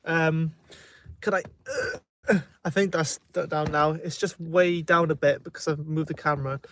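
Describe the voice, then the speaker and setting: A man's voice: a little high, steady tone, moderate pace, a bit bright, a little hiss or hum. A man with a Welsh accent chatting casually on a phone livestream, rambling and hesitant, swearing freely. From Wales. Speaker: self-help vlogger. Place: outdoors in a remote spot. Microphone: phone held in hand.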